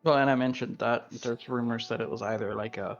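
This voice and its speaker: A man's voice: mid-range voice, steady tone, brisk, vocal fry, highs cut off. A man playing a tabletop game, rambling and giggling as he talks through his character's choices. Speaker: player. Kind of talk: casual table talk.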